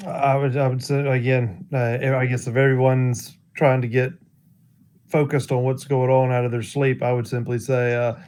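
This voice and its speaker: A man talking as a player in a tabletop game, halting and hesitant. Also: medium pitch, clear, resonant tone. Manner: halting, flat. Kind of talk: casual tabletop chat.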